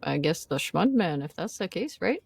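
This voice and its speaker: A woman's voice: fairly low pitch, sing-song, moderate pace, creaky, slightly rough. A woman chatting in character during a roleplay game, playful and teasing. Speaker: roleplay player. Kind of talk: in-character casual chat.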